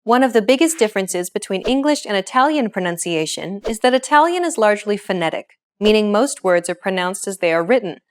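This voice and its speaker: A woman's voice: medium pitch, lively intonation, fairly quick, hardly any pauses. Woman hosting a pronunciation lesson. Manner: clear, explanatory, encouraging. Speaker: language lesson host. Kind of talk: scripted lesson narration.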